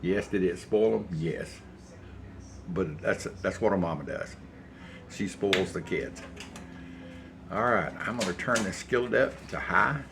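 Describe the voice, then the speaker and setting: A man's voice: low voice, a little slow, gravelly, long pauses, background noise. An older man, rambling folksy stories as he cooks in his home kitchen. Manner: rambling, folksy storytelling while cooking. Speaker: cooking channel host. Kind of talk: casual cooking vlog chat.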